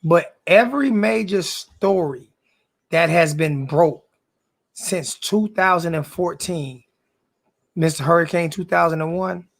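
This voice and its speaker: A man with a high-pitched voice and a gravelly crackle rants back at his live-stream chat. He talks like a sports YouTuber who is confrontational, says the same line again and again, and leans on profane slang. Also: fairly bright tone.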